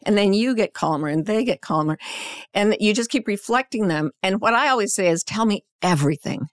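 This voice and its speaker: An older woman speaks as a guest on a podcast, explaining things in a plain, practical way. She acts out short exchanges to make her points. Her voice sits at a middle pitch and sounds dry and close. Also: lively intonation, fairly quick, dry recording. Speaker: life coach guest. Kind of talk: casual podcast chat.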